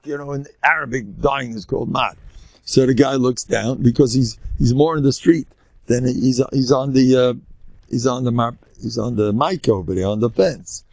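A man's voice: mid-range voice, darkish tone, dry recording. An older man, a rabbi giving an informal lecture, telling stories animatedly with rambling asides and Yiddish words sprinkled in.

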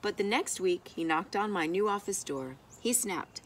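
A woman reading a rhyming picture book aloud in an expressive, rhythmic way. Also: medium pitch, moderate pace, few pauses, a little hiss or hum. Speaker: storybook reader.

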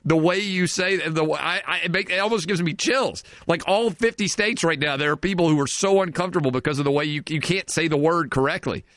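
A man's voice: on the high side, fast talker, hardly any pauses, fairly bright tone, dry recording. A man hosting a sports talk radio show, riffing sarcastically and in mock outrage.

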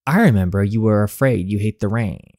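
A man reading the lines of a tearful young woman confessing her love, in a soft, earnest voice. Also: fairly low pitch, brisk, no echo, clean studio sound, natural voice. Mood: tender. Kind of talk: reading game dialogue aloud.

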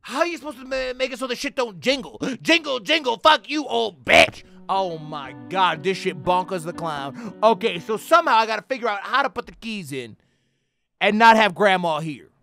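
A young man giving profane, slangy commentary on a horror game, yelling and cursing at jump scares. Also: sits high, expressive, a little fast, gravelly, faint music behind. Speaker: gaming YouTuber. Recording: faint background noise.

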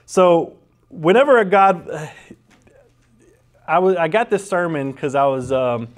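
A man's voice: fairly high pitch, unhurried. A man preaching a conversational sermon, rambling and often restarting his sentences. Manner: rambling storyteller with frequent restarts.

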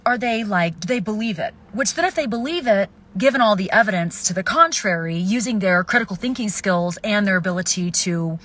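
A young woman ranting furiously and profanely at the camera, swinging between shouts and hushed hisses. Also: mid-range voice. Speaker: video poster. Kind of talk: angry self-filmed rant.

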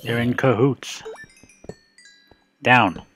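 A man's voice: medium pitch, fairly even intonation, drawn-out words, a bit bright, soft background music. A man giving casual, rambling gameplay commentary as a video host, joking and breaking off his sentences as he plays. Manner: rambling, joking, self-interrupting.

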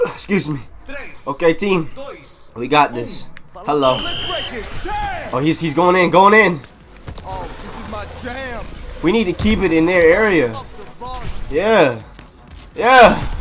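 A young man commentating his own gameplay, loud and excitable, yelling and laughing at what happens on screen. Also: sits high, measured pace, pauses often, faint music behind. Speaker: gaming YouTuber.

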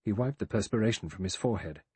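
A man narrating a mystery audiobook in a measured, even storytelling manner. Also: lowish voice, slightly rough, dry recording. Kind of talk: scripted narration.

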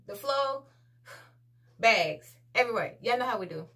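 A woman's voice: mid-range voice, expressive, normal speed, a bit bright. A woman, chatting casually to viewers in a laid-back home haul vlog. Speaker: vlogger.

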